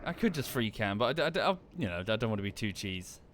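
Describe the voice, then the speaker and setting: Male gaming streamer at home, casual talk-through, lively swooping pitch, mutters and corrects himself. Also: fast talker, slight background noise. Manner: thinks aloud, muttering asides and self-corrections. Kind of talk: casual live-stream commentary.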